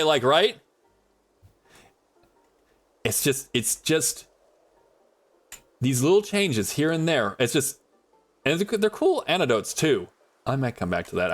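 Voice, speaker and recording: Male streamer, casual, rambling; lively voice, talks to chat and to objects in the game. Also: mid-range voice. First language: English is his only language. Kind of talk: casual gameplay commentary.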